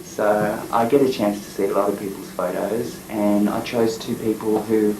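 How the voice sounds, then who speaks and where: A man's voice: lowish voice, level tone, normal speed. Man, freelance photographer, chatty and rambling, roomy echo, background noise. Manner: rambling, chatty, with frequent fillers and laughs. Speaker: freelance photographer and documentary maker. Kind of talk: casual interview storytelling.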